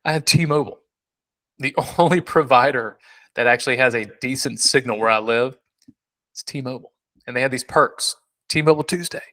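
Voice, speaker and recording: A man's voice: medium pitch, normal speed, long pauses, sharp tone. A man co-hosting a casual podcast, rambling and joking with many restarts. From South Carolina. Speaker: podcast co-host.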